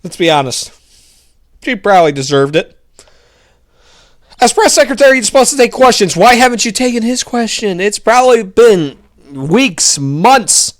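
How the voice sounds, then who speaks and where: A man's voice: high voice, sing-song, moderate pace. Sarcastic young male political ranter. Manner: sarcastic, mocking, rambling. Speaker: political commentary host. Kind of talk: casual political rant.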